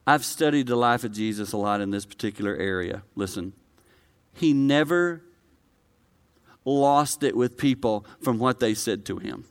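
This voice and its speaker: A male pastor preaching a conversational sermon to a live congregation, swinging from quiet, low delivery to loud, high-pitched excitement. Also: normal speed, clean tone. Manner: conversational, personal preaching with direct address.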